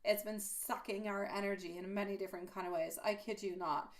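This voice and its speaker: A woman's voice: medium pitch, fairly even intonation, fairly quick. A woman giving a live tarot reading to her viewers. She talks in a chatty, rambling way, full of fillers and restarts. She calls people sweetie and dear. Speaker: tarot reader.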